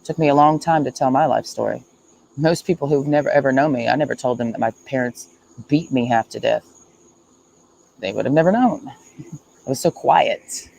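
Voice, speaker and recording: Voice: mid-range voice, normal speed, vocal fry, pauses often, a little mellow, a little hiss or hum, poor audio. A streamer talking in a casual livestream monologue, earnest and repetitive, speaking emphatically and confessionally.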